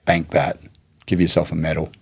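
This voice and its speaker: Male guest, low husky voice, reflective storyteller. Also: completely flat delivery. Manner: reflective, unhurried anecdotes with many restarts. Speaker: martial arts teacher and guest. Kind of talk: storytelling in a podcast interview.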